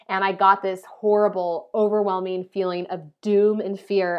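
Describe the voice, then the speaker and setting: A young adult woman vlogging, telling a personal story in a chatty, animated way and often saying "like". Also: mid-range voice. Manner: animated, chatty, heavy use of "like".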